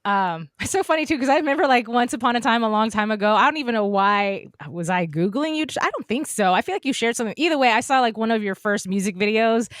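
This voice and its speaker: A woman's voice: a little high, animated, fast, hardly any pauses, fairly bright tone, dry recording, studio quality. A woman hosting a podcast, telling stories in casual chat and acting out the voices of people she quotes. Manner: storytelling, acts out quoted voices. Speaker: podcast host.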